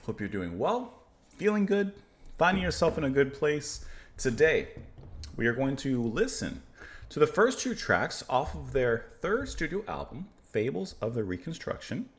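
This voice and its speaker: A man hosting a music reaction channel, chatting casually and rambling, often laughing at himself. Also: fairly high pitch. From United States. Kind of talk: casual chat.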